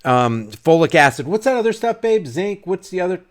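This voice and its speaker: A man's voice: sits high, very animated, normal speed. A middle-aged man ranting in a commentary vlog, fiery and preachy, hammering his points home through repetition. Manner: fiery, preachy, emphatic, repeats himself. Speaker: vlogger.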